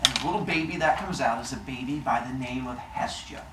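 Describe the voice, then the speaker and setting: A man's voice: mid-range voice, fairly quick. A man telling myths to a live audience in a playful, joking way, quizzing his listeners as he goes, recorded from a distance in an echoey room with faint noise. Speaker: storyteller. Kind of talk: lively storytelling to a live audience.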